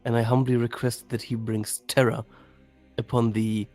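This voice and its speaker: A man's voice: mid-range voice, little pitch movement, normal speed, mellow, faint music behind. A man playing a tabletop game, casual, stammering, and swearing. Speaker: player.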